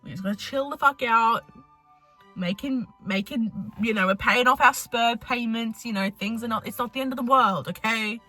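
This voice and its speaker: A young woman, talking in an animated, profane, rambling way in a casual vlog. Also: on the high side, normal speed, soft background music. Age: young adult. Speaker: vlogger.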